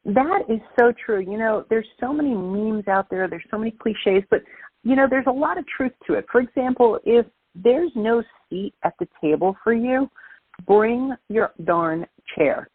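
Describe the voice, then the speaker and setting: Calling in by phone to an interview, this guest from Brooklyn, New York speaks in a fairly high, expressive, slightly rough voice with a Brooklyn accent. She's emphatic and motivational at a moderate pace, and the line sounds dry and tinny with no echo.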